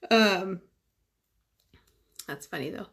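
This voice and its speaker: Woman, casual livestream chat, rambling with fillers, creaky fry. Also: medium pitch, slow pace, fairly bright tone. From California. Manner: chatty, rambling, many "like"s and fillers. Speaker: makeup vlogger on a livestream. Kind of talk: casual livestream chat while applying makeup.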